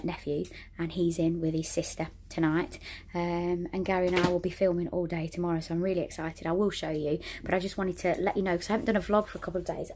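Lady vlogging, bit lower voice, rambly and giggly, faint hiss behind. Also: a little mellow. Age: middle-aged. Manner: chatty and rambling, laughs often. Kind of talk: casual chat to camera. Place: indoors at a relative's home.

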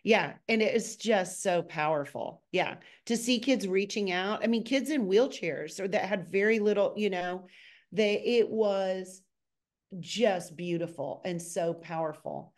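Animated woman telling stories. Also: unhurried. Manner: animated, acts out quotes with a high excited voice. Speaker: choreographer, podcast guest. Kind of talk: casual storytelling chat.

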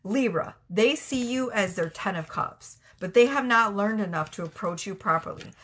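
A woman's voice: mid-range voice, moderate pace, a bit bright. A woman reads tarot cards in a loose, chatty way, blunt and full of swearing, often breaking into laughter. Her voice sits in an everyday middle register. Faint noise hums behind her. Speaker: tarot reader. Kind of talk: casual tarot reading.

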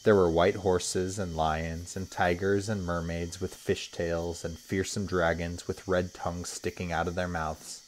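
Deep-voiced man reading a children's story. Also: measured pace, few pauses, a little hiss or hum. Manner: expressive storytelling. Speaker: teacher reading aloud. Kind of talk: children's story read-aloud.

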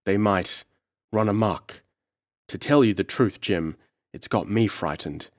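A man's voice: on the low side, a little slow, no echo, clean studio sound, close to an everyday voice. A man voicing a cool-headed scientist who speaks grimly and decisively, in an audiobook reading. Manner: grim, decisive.

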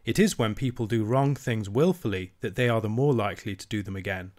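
An ageless fairy grandmother from a storybook, gentle and wise, comforting a child in soft, tender tones, as a man reading aloud puts her on. Her speech is unhurried and kind. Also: on the low side, lightly acted. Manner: tender, reassuring.

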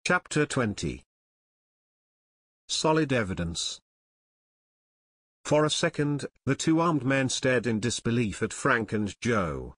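A man reading an adventure audiobook in expressive, scripted narration. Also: medium pitch, a little slow, no echo, studio quality.

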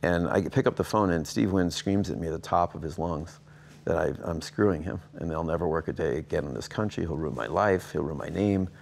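A man in his sixties with a low voice tells stories in a sit-down interview. He acts out the quoted dialogue, and his voice leaps upward on the exclamations. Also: fairly quick, gravelly. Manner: animated anecdotes, acting out quoted dialogue with big jumps in pitch. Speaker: interview guest.

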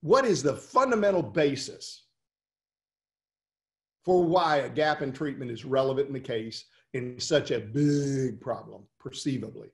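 A man coaching lawyers in a webinar talk, telling stories and firing off rhetorical questions in an animated way. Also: mid-range voice, unhurried, reverberant.

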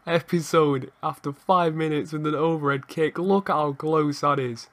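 A young man hosting his gaming channel, giving live play-by-play commentary that turns excitable, with shouting at the game and swearing. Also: fairly high pitch, moderate pace, few pauses.

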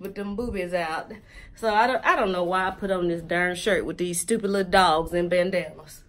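A woman's voice: fairly low pitch, fairly even intonation, moderate pace, a bit bright. A woman chatting casually and joking straight to viewers while reviewing a wig for her vlog.

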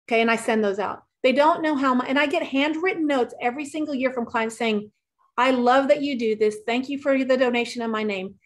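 A middle-aged woman with a fairly high voice talks in a chatty, upbeat way. She is a real estate agent sharing marketing tips as a guest, and she acts out the things her clients say. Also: brisk. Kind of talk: casual talk giving marketing tips.

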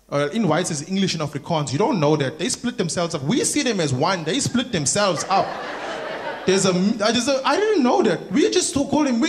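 A South African man doing a stand-up comedy routine on a theatre stage, telling animated stories and acting out other people. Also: high-pitched. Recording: roomy theatre sound with crowd noise. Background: laughing audience.

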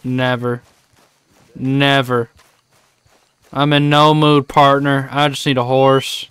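Slow-talking streamer man. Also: mid-range voice, flat delivery, a bit bright, clean tone, no echo. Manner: exasperated, swearing, mock-mournful, laughing. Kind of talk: casual game commentary.

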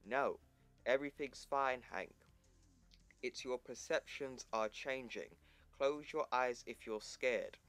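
A man voicing a sharp-tongued woman scientist, reading her lines from a comic in a snippy, bossy way. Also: medium pitch, slow pace, dry recording, soft background music. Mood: soothing. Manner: snippy, bossy, read-aloud comic dialogue.

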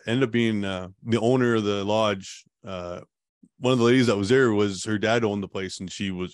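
A man's voice: on the low side, no echo, clean studio sound. A man in a casual interview, telling a long story in a rambling way and laughing now and then. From Canada. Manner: rambling, laughs while recounting. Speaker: guest telling his survival story.

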